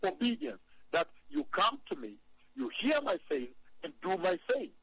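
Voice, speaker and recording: A man preaching a sermon, emphatic and repetitive, reading scripture slowly. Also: high voice, sing-song, a bit bright, breathy edge, no echo, highs cut off. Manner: emphatic, repeats phrases, reads scripture slowly.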